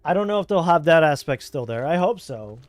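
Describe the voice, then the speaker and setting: A man's voice: on the high side, lively intonation, brisk, dry recording, soft background music. A man from Southern California with a Southern Californian accent, streaming a game and chatting casually in a rambling, laid-back way. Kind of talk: casual chat while gaming.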